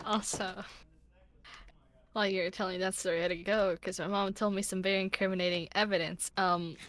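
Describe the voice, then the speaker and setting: A young woman guest on a stream, chatting quickly and giggling as she rambles through a story. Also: mid-range voice, fairly even intonation, fairly bright tone, no echo. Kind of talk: casual chat on stream.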